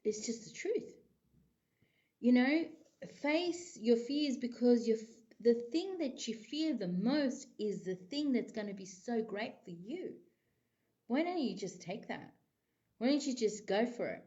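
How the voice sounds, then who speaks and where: A woman's voice: fairly high pitch, lively intonation, a little slow, mellow, dull audio. Chatty woman giving a psychic reading. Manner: rambling and chatty, full of "you know". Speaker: psychic tarot reader. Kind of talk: casual tarot reading to camera.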